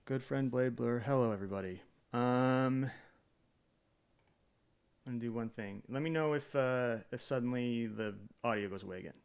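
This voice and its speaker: A man's voice: mid-range voice, normal speed, gravelly, pauses often, clean tone. A man streaming live in a casual chat, greeting viewers by name, rambling with hesitant fillers and self-deprecating jokes.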